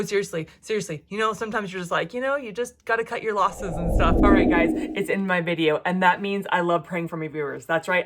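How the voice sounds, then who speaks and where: A woman who vlogs about jewelry making chats casually about her crafting, then turns to earnestly praying for her viewers and offering encouragement. She is an adult with a son and speaks chattily, with frequent ums and self-corrections. Her voice is medium in pitch with a fairly bright tone.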